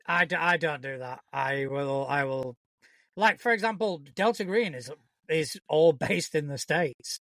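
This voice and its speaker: Bright-voiced man, casual co-host. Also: fairly high pitch, measured pace, no room sound. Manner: relaxed, thinks aloud, swears casually. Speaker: podcast co-host. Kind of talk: casual chat.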